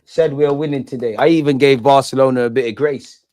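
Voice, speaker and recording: A young man hosting a live football watch-along, excitable and slangy, shouting out his viewers. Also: mid-range voice, quick pace. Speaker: fan channel host.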